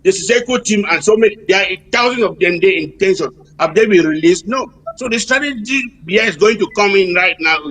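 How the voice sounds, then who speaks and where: A man calling in to a political talk show, halting with rhetorical questions. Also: high voice, a bit bright. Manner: halting, many fillers and restarts, asks rhetorical questions. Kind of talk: political call-in commentary. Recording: distant-sounding call-in audio.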